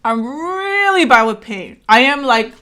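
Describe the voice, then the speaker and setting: A woman's voice: high-pitched, sing-song, unhurried, pushed and bright. A woman vlogger telling a personal story in a casual way. She acts out the dialogue and keeps checking in with "right?".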